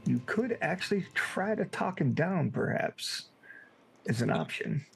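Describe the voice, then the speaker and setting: A man running a tabletop horror game online as game master, laid-back and quick to laugh. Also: fairly high pitch, sing-song, vocal fry, husky. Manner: laid-back, laughs often, says dude.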